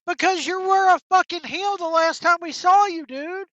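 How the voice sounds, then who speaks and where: A woman's voice: very high-pitched, unhurried, a bit bright, no room sound. A woman hosting a wrestling talk show, delivering a blunt, profane, exasperated solo rant. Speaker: wrestling commentary host. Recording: dull, dry lo-fi sound.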